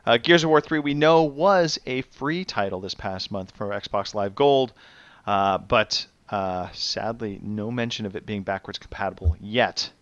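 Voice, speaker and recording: A man hosting a podcast quiz, his voice bright and forceful, recorded close and dry. He reads out questions carefully and cheers the answers on. The audio is a bit dull and lo-fi. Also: on the low side, no echo. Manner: upbeat quizmaster, reads questions slowly and clearly. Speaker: podcast host running a quiz. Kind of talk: casual podcast chat.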